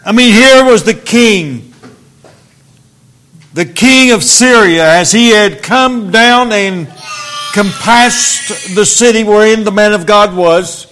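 A man preaching in a church, reading scripture aloud slowly and then speaking earnestly to the congregation. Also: high voice, a bit bright. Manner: slow, deliberate King James reading, then earnest preaching.

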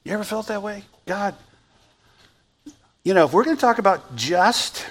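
High-voiced, animated male pastor preaching. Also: moderate pace. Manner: storytelling, animated, addresses the congregation with questions. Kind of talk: sermon.

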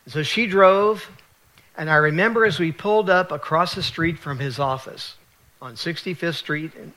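A man from West Virginia with a slightly high, bright and forceful voice, recounting his faith testimony. He speaks in an earnest, confessional way. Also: moderate pace.

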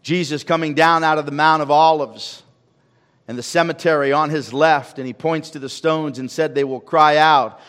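A man preaching a sermon as pastor, swinging from loud calls to hushed asides. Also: on the high side, fairly even intonation, moderate pace, smooth. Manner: preaching with sweeping rises and drops in volume. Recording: long reverb of a large hall.

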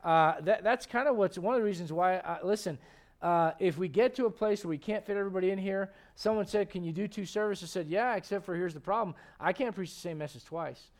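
A man in his thirties delivers a Sunday sermon with a noticeably high voice. He is animated and conversational, often restarting his sentences as he talks. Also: a little fast. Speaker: pastor.

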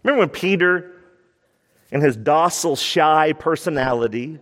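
A man preaching a sermon as pastor, animated and laughing as he acts out the people he quotes. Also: fairly high pitch, moderate pace. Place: church sanctuary. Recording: church hall reverb.

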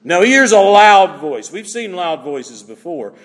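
A man preaching a sermon as a pastor, expressive, acting out small everyday scenes as he teaches. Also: sits high, measured pace. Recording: reverberant hall.

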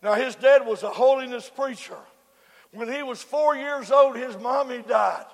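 A man preaching a sermon, swinging between loud shouted cries and low, quiet storytelling. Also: measured pace. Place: church. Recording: echoey hall with faint congregation.

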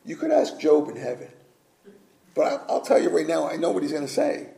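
A man's voice: on the high side, sing-song, brisk, vocal fry, dark tone, roomy sound, poor audio. A man preaching a sermon as pastor, earnest and direct, asking his listeners rhetorical questions.

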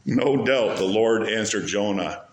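A man's voice: fairly low pitch, a little slow. Man preaching in an echoey sanctuary. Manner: animated preaching, rising emphasis on key words. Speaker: pastor. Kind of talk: sermon.

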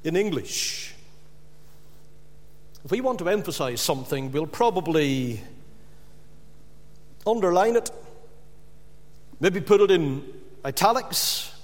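Male preacher, high voice, emphatic sermon delivery, long hall reverb. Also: lively intonation, slow, pauses often. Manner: emphatic, rising to loud repeated stresses.

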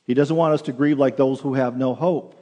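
A man's voice: medium pitch, fairly even intonation, brisk, darkish tone. A male pastor preaching a sermon in earnest, often repeating words as he restarts a phrase, in a church sanctuary. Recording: long hall reverb.

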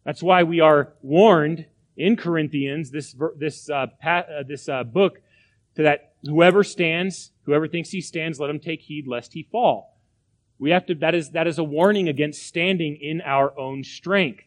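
Man, high-pitched voice, pastor, emphatic sermon, rhetorical questions. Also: measured pace. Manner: emphatic preaching, repeats phrases, rhetorical questions.

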